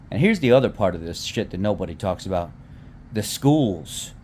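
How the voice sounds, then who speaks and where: Male vlogger, 30s, angry repetitive swearing rant, low-middle pitch. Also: darkish tone, a little hiss or hum. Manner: heated, repetitive, swears freely; restarts and repeats words. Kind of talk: casual rant to camera.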